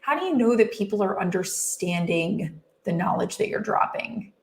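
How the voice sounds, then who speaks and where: A woman hosting a casual interview, her voice gravelly with vocal fry. She talks in long, rambling questions that circle back on themselves, and the room around her sounds echoey. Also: medium pitch, expressive, normal speed. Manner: chatty, rambling questions with many restarts. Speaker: host.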